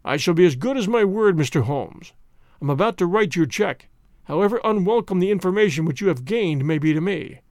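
A man's voice: high voice, expressive, fairly quick, a little mellow, no echo, clean studio sound. A man voicing a stately, proud older nobleman who is curt and commanding. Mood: subdued.

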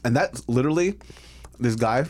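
A man's voice: mid-range voice, animated, a little mellow. A man co-hosting a food vlog, chatting casually and joking at his own expense. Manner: joking, self-mocking, quick to laugh. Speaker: vlog co-host. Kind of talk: casual chat while eating.

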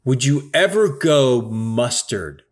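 Animated man in casual chat. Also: medium pitch, slow. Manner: animated, emphatic, swears casually.

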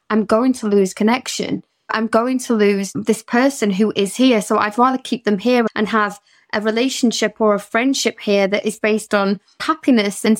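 A British woman who works as a therapist talks openly on a podcast. She tells personal stories in a candid, emotional way. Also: mid-range voice. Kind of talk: podcast conversation.

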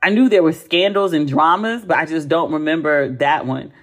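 Blunt, animated woman in her forties. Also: sits low, moderate pace. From United States. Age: 40s. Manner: animated, blunt and profane, with emphatic repetition. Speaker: podcast host. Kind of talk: casual chat.

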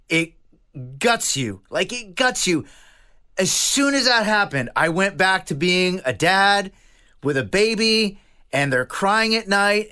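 A man talks in an animated, emotional casual chat, swearing now and then. His voice sits high and sounds bright and forceful. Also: clear, resonant tone.

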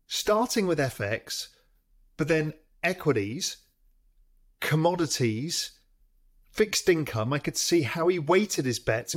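Man telling a lively market story. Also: a little high. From United Kingdom. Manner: lively, acts out phone calls, frequent restarts. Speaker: interview guest. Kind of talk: storytelling in a long-form interview.

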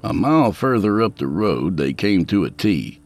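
Deep-ish man narrating a folksy tale. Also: very animated, normal speed, faint music behind. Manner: dry storytelling with folksy humor. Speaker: narrator and host. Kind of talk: scripted narration.

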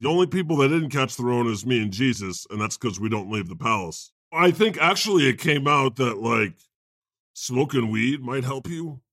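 A man's voice: medium pitch, lively intonation, normal speed, fairly bright tone, dry recording, clean studio sound. A man playing God as a goofy, self-mocking podcast host in improvised comedy banter. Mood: joking. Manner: joking, self-deprecating banter.

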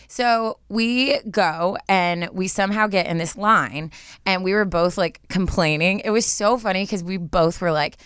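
A woman in her thirties co-hosting a casual chat, telling a story excitedly with quick bursts and frequent giggles. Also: medium pitch, clear, resonant tone, dry recording, clean studio sound. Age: 30s. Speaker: podcast co-host.

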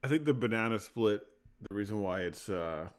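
Man, lowish voice, podcast co-host, casual chat, argumentative, incredulous. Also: animated, normal speed.

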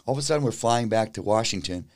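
A man, a musician guest, telling a story in a casual interview, animated and acting out what people said, with some stammered restarts. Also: on the low side, fast.

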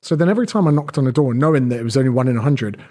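Casting note: brash man, rapid-fire podcast guest, swears freely. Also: medium pitch, lively intonation, mellow. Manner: fast, blunt, swears a lot, acts out quotes. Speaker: guest, personal trainer. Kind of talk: podcast conversation.

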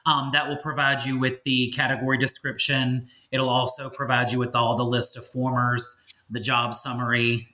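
A man in his thirties from Louisiana, calmly explaining things as a podcast guest in a polite, easy conversational way. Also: medium pitch. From Louisiana, USA. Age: 30s. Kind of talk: casual interview chat.

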